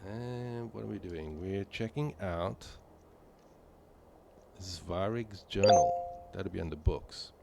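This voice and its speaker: A man's voice: low voice, slow, gravelly, heavy background noise. A man from Malta chatting casually with viewers while playing a game on a live stream, rambling with many fillers. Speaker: gaming streamer.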